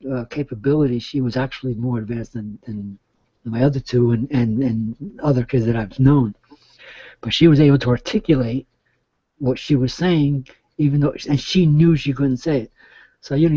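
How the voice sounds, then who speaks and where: Rambling middle-aged man, dark dull sound. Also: medium pitch, breathy edge, no echo. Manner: rambling, with many restarts. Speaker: guest caller. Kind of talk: casual chat.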